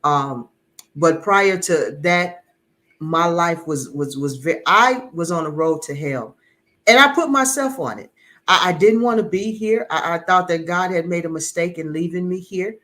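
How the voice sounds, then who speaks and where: Middle-aged man, slightly high voice, earnest emotional testimony, stumbles and repeats words. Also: a little slow, sharp tone. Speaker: interview guest. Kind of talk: personal testimony in an interview.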